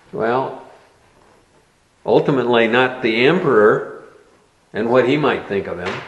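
A man preaching an expository sermon, teaching in a measured way and stressing key words. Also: mid-range voice, echoey room, dull audio.

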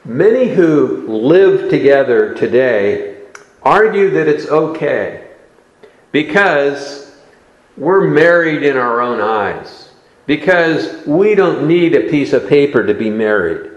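A man preaching a sermon in a slow, deliberate expository style, recorded in a church sanctuary. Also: on the high side, very animated, echoey room, lo-fi sound.

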